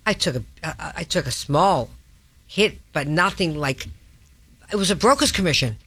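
A woman's voice: sits low, lively intonation, moderate pace, a bit bright, slightly rough, dry recording. A woman with a Boston North Shore accent hosting a talk radio show, blunt and emphatic in casual chat. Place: radio studio.

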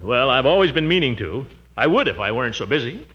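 A man's voice: mid-range voice, big pitch swings, fast, a bit bright. A man playing a pompous, blustering middle-aged uncle in a 1940s radio comedy, on a dull old recording. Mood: stern.

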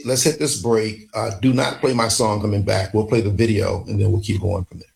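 Gravelly low-voiced radio co-host man. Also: steady tone, a little fast, darkish tone, low-quality recording. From northern Louisiana. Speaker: radio talk show co-host. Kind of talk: casual talk radio chat. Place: radio studio. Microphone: studio microphone.

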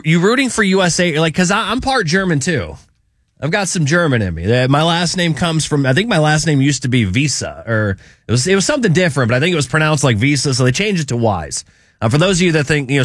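A man's voice: fairly high pitch, dry recording, studio quality. A man hosting a radio show, teasing his co-host in casual banter and often stumbling over his words. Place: radio studio.

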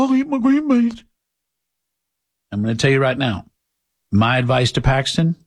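Man, political talk host, husky voice, blunt and lecturing, opinionated monologue. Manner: blunt, lecturing, mocks people in high put-on voices.

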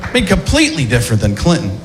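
Lively chatty stand-up man. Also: mid-range voice, quick pace, a faint crowd, slight background noise. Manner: chatty, conversational setups. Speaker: stand-up comedian. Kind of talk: stand-up set.

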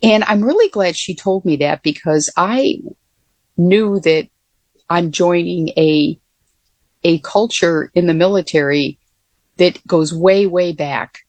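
A woman's voice: lowish voice, slow pace, darkish tone, no echo. An older woman, a former Air Force pilot, telling stories in a casual interview with many fillers and restarts.

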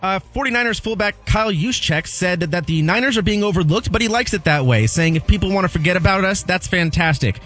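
A man's voice: high-pitched, expressive, a little fast, few pauses, a bit bright, soft background music. A man co-hosting sports radio, reading headlines and asking the host questions.

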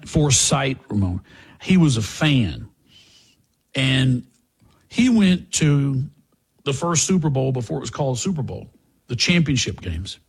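A man's voice: mid-range voice, vocal fry, breathy edge. An older man hosting a talk show, rambling through casual commentary with restarts and asides to a co-host.

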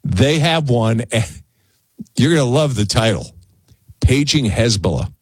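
Husky-voiced male radio host, dry studio sound. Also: mid-range voice, unhurried, no echo. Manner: conversational, stammers and repeats words when excited. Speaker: radio talk show host. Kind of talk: casual talk radio monologue. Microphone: studio broadcast mic.

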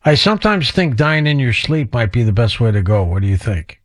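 A man hosts a late-night call-in radio show, keeping things relaxed and conversational. His voice sits at an ordinary middle pitch as he questions his guest and welcomes callers. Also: brisk. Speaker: radio host. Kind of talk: talk radio hosting.

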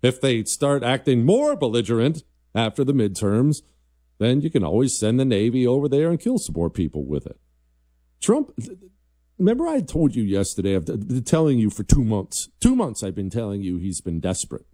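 A man's voice: mid-range voice, sing-song, normal speed, dark tone, no room sound, studio quality. A man hosting a political commentary show, talking in a combative, emphatic way and reading viewer emails. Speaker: host.

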